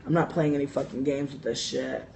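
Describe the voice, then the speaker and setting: A young woman hosting a casual livestream, telling profane, animated stories full of "like" and laughter while reading viewer comments. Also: extremely low pitch, brisk, creaky, a little hiss or hum.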